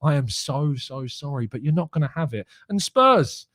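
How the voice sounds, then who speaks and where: Brief: young male stream host, giddy, mocking, quick to laugh, a touch high, dry close mic. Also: lively intonation, a bit bright, no echo. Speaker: fan channel host reading live chat. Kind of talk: excited live stream chat.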